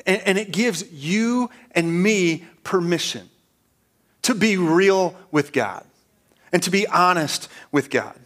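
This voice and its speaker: A man's voice: high-pitched, animated, slow pace, fairly bright tone. A male pastor preaching a sermon, earnest and repetitive, building up to passionate emphasis.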